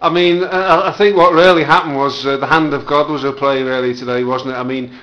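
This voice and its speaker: A man from an amateur football club doing jokey, mock-serious post-match interviews in a deadpan manner. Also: medium pitch, a little fast, highs cut off.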